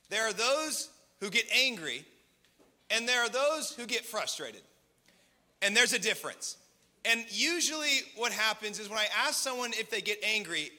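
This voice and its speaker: A man with a fairly high, very bright voice preaches a lively sermon, joking and firing questions at the audience. His voice carries a long hall reverb. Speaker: preacher at a community gathering. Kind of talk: lively sermon with crowd interaction. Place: large hall with live audience.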